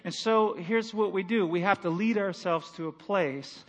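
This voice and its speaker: A middle-aged male pastor preaching a sermon, swinging between loud emphatic lines and hushed ones. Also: high voice, moderate pace. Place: church sanctuary.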